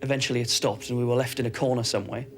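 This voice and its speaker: A man's voice: mid-range voice, steady tone, rapid-fire, slight background noise. A man, a former military airman, recounting events in a documentary interview in a matter-of-fact way.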